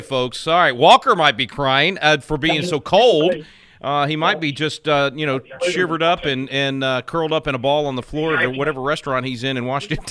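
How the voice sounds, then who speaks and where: A man co-hosting a talk radio show, chatting casually in an animated, joking way. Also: a little high, normal speed, a crowd in the background. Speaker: radio co-host.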